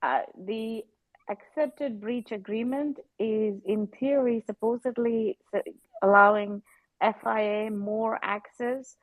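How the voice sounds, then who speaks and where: A woman's voice: a little high, fairly even intonation, slow pace, dry recording, rough recording. Indignant woman in a live chat. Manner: indignant, emphatic, repeats for stress. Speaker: panelist. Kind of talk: casual chat.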